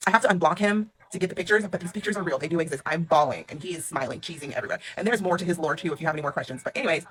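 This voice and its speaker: A woman telling a personal storytime to camera, rapid, emphatic and blunt. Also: on the low side, fairly bright tone.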